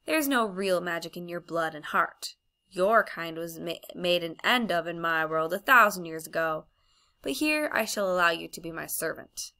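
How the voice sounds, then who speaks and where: A woman's voice: lowish voice, lively intonation, normal speed, bright, forceful tone. A woman reading the lines of a cold, imperious witch queen in an audiobook, commanding and contemptuous.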